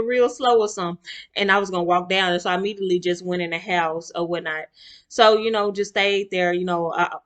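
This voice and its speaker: A young woman, talking to camera in a chatty storytime vlog and acting out her relatives' voices. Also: lowish voice. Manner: animated, acts out relatives' voices, chatty with y'all asides. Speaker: vlogger.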